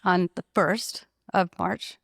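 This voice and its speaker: A woman who owns a salon, telling an emotional personal story in an animated, conversational way and laughing often. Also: on the low side, slow, vocal fry, slightly rough, no room sound, clean studio sound. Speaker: salon owner.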